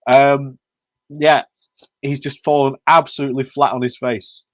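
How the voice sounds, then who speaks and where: A man giving mocking, casual commentary on a video clip, sarcastic and halting with fillers and laughs. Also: mid-range voice, flat delivery, slight background noise.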